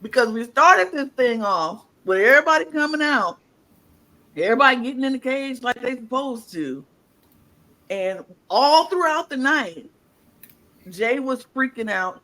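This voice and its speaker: A woman co-hosting a podcast in casual chat, retelling events in a loose, lively way and acting out what people said. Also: sits high, unhurried. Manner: animated storyteller, acts out quotes; loose, colloquial phrasing. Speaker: podcast co-host.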